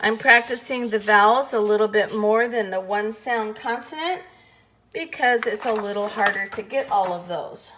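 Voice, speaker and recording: A woman teaching letter sounds in a slow, patient phonics lesson, carefully over-enunciating each sound. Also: medium pitch, fairly bright tone, slight background noise.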